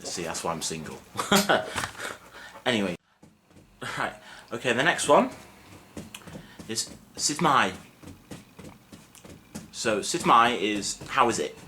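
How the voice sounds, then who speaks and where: A young man teaching a casual video lesson in a relaxed, self-mocking, chatty way with lots of fillers. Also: medium pitch, slow, long pauses. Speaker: Welsh language teacher. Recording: faint background noise.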